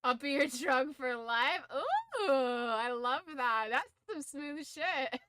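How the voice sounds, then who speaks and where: A woman's voice: sits high, sing-song, slow pace, background noise. A young woman streaming casually, who swears freely, laughs a lot and shrieks in disbelief. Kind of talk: casual live-stream chat.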